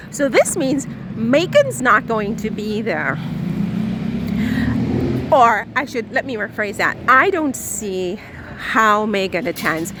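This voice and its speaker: A woman's voice: on the high side, very animated, takes it slowly. A woman vlogging as she walks outdoors, talking theatrically and dramatically, swinging between playful and indignant. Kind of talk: casual vlog, walking outdoors. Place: outdoors by a river in a city. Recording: outdoor street noise behind.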